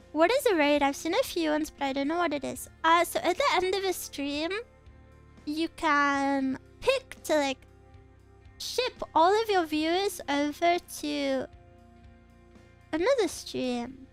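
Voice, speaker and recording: A young woman with a high voice chats loosely on her stream, drifting from one thought to the next and laughing as she goes. Quiet background music plays faintly under her. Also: slow pace, pauses often. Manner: chatty, rambling, giggly. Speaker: VTuber streamer. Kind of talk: casual chat stream.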